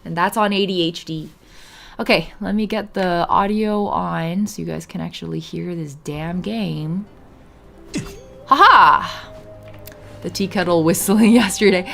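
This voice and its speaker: Hoarse, creaky-voiced woman streamer. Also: lowish voice, a bit bright. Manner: rambling, laughs often, talks to chat. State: hoarse, half lost voice. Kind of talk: casual live-stream chat.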